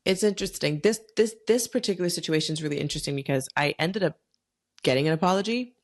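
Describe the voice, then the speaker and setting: A young adult woman hosting a solo podcast, telling a personal story in a frank, profane, animated way. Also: low voice, quick pace. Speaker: podcast host.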